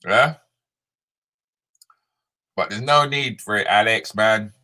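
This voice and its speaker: A comedian hosts a live chat, reading comments in a casual stream with a bright voice and joking banter. He sits on the low side, talks slowly with long pauses, greets viewers by name, and slips into Jamaican patois.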